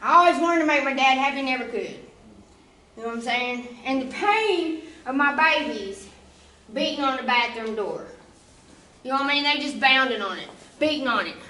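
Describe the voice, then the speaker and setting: A woman's voice: sits high, expressive, moderate pace, pushed and bright, reverberant, distant mic, low-quality recording. A woman giving an emotional, conversational church testimony, often checking in with her listeners. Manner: emotional, conversational, often asks "you know?". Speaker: testimony speaker.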